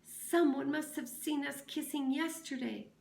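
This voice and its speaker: A defiant young schoolteacher pleads in a high, breathless, urgent voice, performed by a woman reading a storybook aloud. Her lines sit well above the reader's usual pitch and come out loud. The room around her is echoey. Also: steady tone, measured pace, vocal fry, recorded from a distance.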